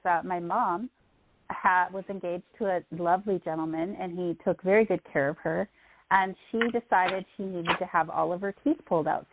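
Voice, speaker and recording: A woman's voice: mid-range voice, slight background noise. A middle-aged woman telling a long personal story in casual chat, rambling and quoting others as she goes. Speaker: podcast guest. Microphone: phone line. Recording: tinny phone line.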